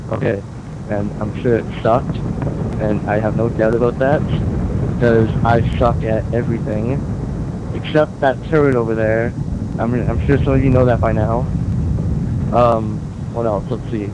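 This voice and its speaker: A man's voice: medium pitch, steady tone, measured pace, muffled recording. A young man recording a joking audition outdoors, rambling and self-mocking with many hesitant fillers. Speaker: audition hopeful. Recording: loud outdoor noise, wind.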